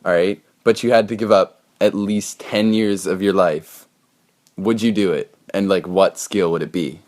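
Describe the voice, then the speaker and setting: A man's voice: low voice, fairly even intonation, normal speed, a little mellow. A young man co-hosting a casual podcast, chatty and loose, laughing and swearing as he asks questions. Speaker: podcast co-host. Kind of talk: casual chat.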